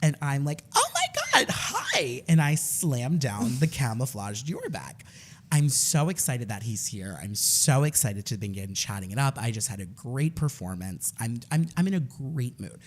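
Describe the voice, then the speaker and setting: Animated male podcast storyteller. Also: medium pitch, normal speed. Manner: animated storyteller acting out voices. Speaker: podcast co-host. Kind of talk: casual chat.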